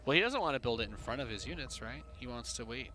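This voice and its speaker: A man's voice: mid-range voice, expressive, fast talker, bright, forceful tone, slight background noise. A man casting a live esports match, playful and jokey as he talks through the play. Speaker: esports caster. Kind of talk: play-by-play commentary.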